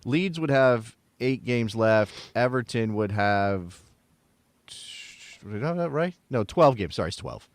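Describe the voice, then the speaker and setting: Man debating soccer, dry close sound. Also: no room sound. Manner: animated, quick restarts, jumps up in pitch when reacting. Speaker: podcast co-host. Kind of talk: casual sports debate.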